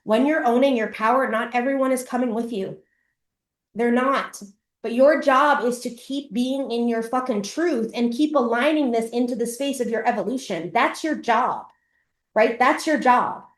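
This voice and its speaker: A woman's voice: fairly high pitch, moderate pace. Emphatic woman in a roomy space. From Canada. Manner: emphatic, casual, swears freely. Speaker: coach and podcast host. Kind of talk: live motivational masterclass talk. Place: room at a live event. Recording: roomy echo.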